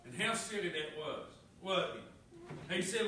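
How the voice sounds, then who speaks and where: High, bright preacher in echoey church. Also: male voice, measured pace, recorded from a distance, slight background noise. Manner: folksy storytelling, swings from loud to hushed. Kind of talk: sermon. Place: church sanctuary.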